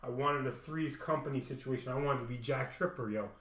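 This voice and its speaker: A man's voice: mid-range voice, brisk, a bit bright. A man telling a personal story in a rambling, profane casual monologue, full of "man". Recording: echoey room.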